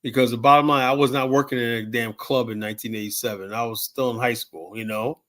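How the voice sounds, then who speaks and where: A man's voice: mid-range voice, steady tone, fast talker, a bit bright. A man in his fifties telling rambling stories in casual talk, swearing freely and full of fillers and restarts. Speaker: show host telling stories.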